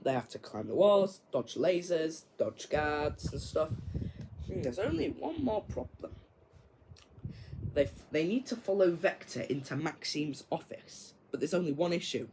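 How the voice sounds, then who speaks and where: A man's voice: a little high, darkish tone, a little hiss or hum, rough recording. A man casually retelling his own version of a film plot, rambling with lots of fillers and mouth sound effects. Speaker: video creator.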